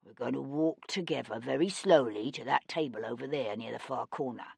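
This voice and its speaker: A dangerous man speaks in a hushed, rough voice, pitched very low and kept quiet. A woman narrator puts him on. The sound is dry and close, with no room around it. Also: lively intonation, moderate pace, dry recording, exaggerated voice. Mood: menacing.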